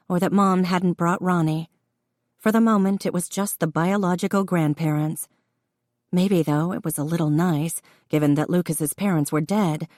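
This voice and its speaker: A woman reads an audiobook with a deep, low voice. Her delivery is measured and even. The sound is dry and close, with no room around it. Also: no echo. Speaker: audiobook narrator. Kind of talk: scripted narration.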